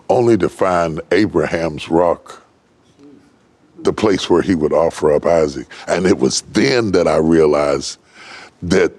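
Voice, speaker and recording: An older man from West Virginia preaching a sermon, building from low, slow telling to high, ringing shouts. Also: husky. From West Virginia, United States. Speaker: pastor.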